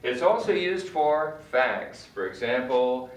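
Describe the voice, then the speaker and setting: A man giving an English grammar lesson, repeating example sentences slowly and deliberately. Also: mid-range voice, lively intonation, distant mic, slight background noise. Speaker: English teacher. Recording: echoey room, voice a bit off-mic.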